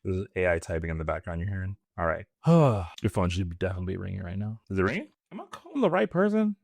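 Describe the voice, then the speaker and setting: A man's voice: sits low, fast, creaky, no room sound. A man co-hosting a podcast who jokes and swears in casual chat. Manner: animated, joking, swears. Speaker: podcast co-host.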